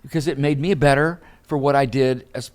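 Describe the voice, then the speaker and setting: Older guy spinning a lively story on a podcast, acts out the voices, swoops high. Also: fairly quick, smooth. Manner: animated storyteller, acts out dialogue. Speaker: guest, professional speaker. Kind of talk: storytelling interview.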